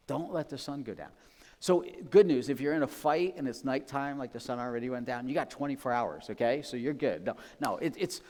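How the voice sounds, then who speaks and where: Casual, joking pastor in a big hall. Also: male voice, mid-range voice, darkish tone. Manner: casual, storytelling, laughs often, acts out voices. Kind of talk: sermon. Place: church sanctuary. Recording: long reverb of a church hall.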